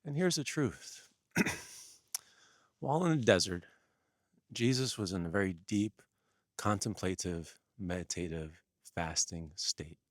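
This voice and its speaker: A man delivers an earnest spiritual teaching in a low, unhurried voice. He piles up repeated phrases for emphasis. The sound is close and dry. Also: animated, dry recording. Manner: earnest, repetitive, emphatic listing.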